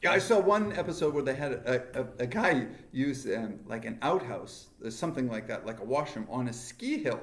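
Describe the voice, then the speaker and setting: A man's voice: mid-range voice, expressive, normal speed, few pauses. Man, Canadian accent, podcast co-host, rambling storyteller, roomy echo. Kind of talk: casual chat. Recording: echoey room.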